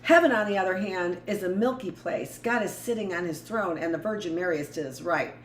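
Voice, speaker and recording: A woman's voice: on the low side, a little fast. Blunt woman reading aloud, roomy echo. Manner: rambling, blunt asides between read passages. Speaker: teacher reading aloud to a live class. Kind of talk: live book reading with commentary. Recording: echoey room with faint noise.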